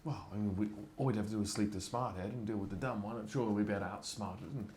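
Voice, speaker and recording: A man's voice: lowish voice, fairly even intonation, racing, a little mellow, echoey room, slight background noise. A man playing in a tabletop roleplaying game, asking questions and planning aloud. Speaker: player.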